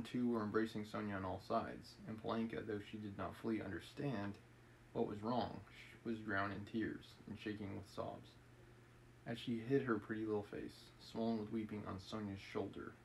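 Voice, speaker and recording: A man's voice: on the low side, fairly even intonation, normal speed, creaky, a little hiss or hum, poor audio. A man reading a novel aloud on a live stream, chatting and laughing about it between passages.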